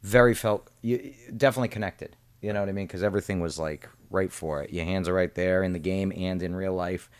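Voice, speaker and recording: A man's voice: low voice, steady tone, brisk, few pauses, smooth. A man co-hosting a casual video game review discussion, laid-back and loose, with lots of fillers. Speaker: podcast co-host.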